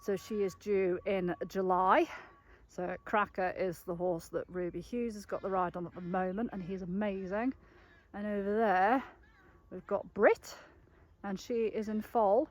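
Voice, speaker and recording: A woman's voice: medium pitch, unhurried, darkish tone. A woman, chatting casually in a vlog as she walks her horse fields outdoors in the evening. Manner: chatty and upbeat, coos at the horses. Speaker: equestrian yard owner and riding coach. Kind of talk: casual walking vlog chat.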